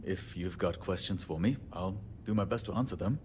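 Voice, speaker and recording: A man's voice: low-pitched, brisk, darkish tone, slight background noise, close to an everyday voice. An actor playing a short-tempered, self-deprecating male handyman in a video game, speaking in a wry, joking way. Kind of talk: video game character dialogue.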